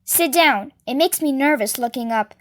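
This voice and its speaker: A woman voicing a menacing male biker gang leader who speaks in short, quiet threats. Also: high-pitched, lively intonation, moderate pace. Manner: quiet and threatening, clipped questions.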